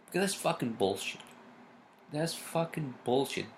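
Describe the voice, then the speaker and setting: A man's voice: mid-range voice, big pitch swings, moderate pace, slight background noise. A man ranting in a solo vlog, worked up and swearing constantly, with many fillers and restarts. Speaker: vlogger. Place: New York home.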